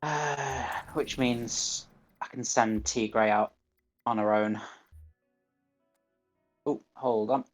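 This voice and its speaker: Slow-talking Northern English man streaming. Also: mid-range voice, soft background music. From northern England. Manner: mutters to himself, reading game menus aloud. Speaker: gaming streamer. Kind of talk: live gameplay commentary.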